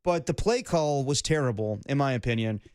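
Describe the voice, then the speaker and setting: A man co-hosting a sports radio show, talking in a casual, animated way and slipping into mocking impressions. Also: mid-range voice, fairly quick, clean tone, no room sound, studio quality.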